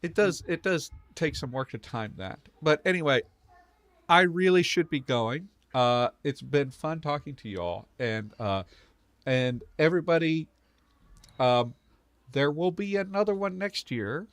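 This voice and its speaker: Casting note: male stream host, relaxed sign-off voice, dry close mic, video call. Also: a little high, a little slow, no room sound. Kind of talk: casual group video call.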